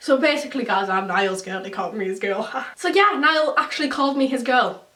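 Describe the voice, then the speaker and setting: Geordie teen girl gushing thru a storytime, kinda high voice, lots of likes n giggles. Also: expressive, moderate pace, creaky, fairly bright tone, echoey room, far from the mic. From North-East England. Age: teens. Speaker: YouTuber. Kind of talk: storytime vlog.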